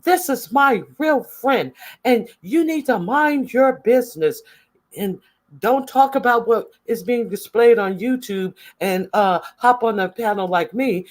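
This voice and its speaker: A man's voice: very high voice, a little slow, voice pushed up. A man mocking a frazzled, whiny woman streamer. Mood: scolding. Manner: mocking, exaggerated.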